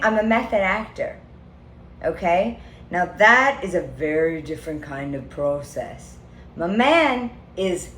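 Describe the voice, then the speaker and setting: A woman rambles through a comic vent to her viewers, theatrical and loose with swear words and fillers like "okay." She talks at an unhurried, drawn-out pace. Her voice rings in an echoey room over a faint hum of ambience. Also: mid-range voice, a bit bright. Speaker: vlogger venting to viewers. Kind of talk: comedic rambling monologue.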